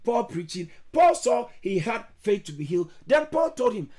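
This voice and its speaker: A male pastor preaching a sermon to an online church service, emphatic, repeating his phrases and breaking into sudden high exclamations. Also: big pitch swings, moderate pace, few pauses. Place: online church service over video call.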